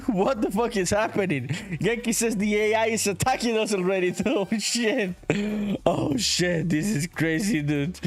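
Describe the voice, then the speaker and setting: A man's voice: sits high, unhurried, soft background music. A man live-streaming his game development, chatting casually with viewers, reading their messages aloud, laughing often, swearing and saying "dude" a lot. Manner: reads chat messages aloud.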